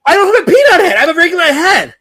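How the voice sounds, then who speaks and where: A man's voice: extremely high pitch, sing-song, sharp tone. A man hosting a livestream in casual banter, ranting in mock outrage and answering the chat. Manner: indignant, mock-outraged rants; fast, restless, talks back to chat. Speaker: livestream host.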